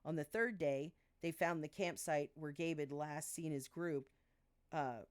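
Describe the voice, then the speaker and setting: A woman's voice: low voice, measured pace. A woman reading her own novel aloud on a live stream, giving the characters light voice shifts and stopping now and then to correct herself. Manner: reads dialogue with small voice shifts, stumbles and restarts, laughs at her own asides.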